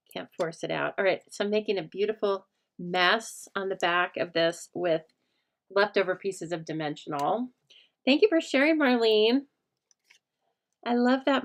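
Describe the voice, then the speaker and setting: A woman's voice: lowish voice, fairly bright tone. A middle-aged woman hosting a casual craft livestream, chatting with viewers in a rambling way and laughing often. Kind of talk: casual craft demo chat with live viewers.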